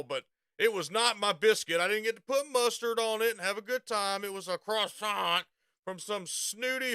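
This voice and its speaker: A man with a Southern US accent tells a rambling, profane story in a casual way, laughing at himself as he goes. His voice sits high and is creaky yet bright, forceful, and smooth, captured as a dry, clean studio recording.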